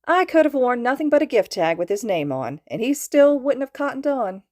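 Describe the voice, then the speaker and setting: A woman reading aloud, voicing a brash, teasing middle-aged mother who talks loudly and gleefully. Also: on the low side, expressive, brisk. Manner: loud and gleeful.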